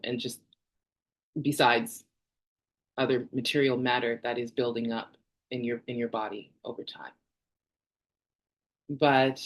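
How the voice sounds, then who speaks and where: A woman in her forties from Canada, talking candidly in a personal vlog, chatty and rambling, laughing often. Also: rumbling low. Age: 40s. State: tearful at times. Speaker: vlogger.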